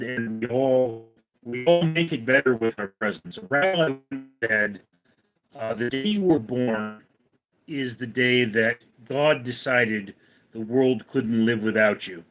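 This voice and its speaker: The highs are cut off in this recording of a livestream host from California. He has a medium pitch and a fairly bright tone, rambling casually and reading viewers' chat questions aloud to respond.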